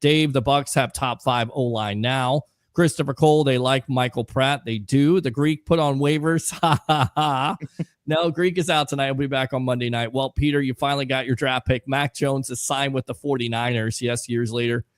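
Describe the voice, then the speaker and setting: Male sports talk host, mid pitch, chatty and loose, reading viewer comments, dry close sound. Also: fairly even intonation, normal speed, few pauses, no echo. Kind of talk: casual live call-in sports talk.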